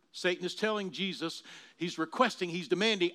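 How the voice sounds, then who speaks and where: A man preaching a sermon, swinging from quiet explaining to loud dramatic bursts as he acts out quoted voices. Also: fairly high pitch, a little fast. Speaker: pastor.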